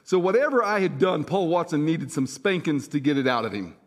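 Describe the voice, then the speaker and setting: Middle-aged male pastor, somewhat high voice. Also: animated. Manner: storytelling, swinging from loud punchy lines to soft, slow, hushed ones; conversational, with fillers and asides to the congregation. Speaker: senior pastor. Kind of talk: sermon.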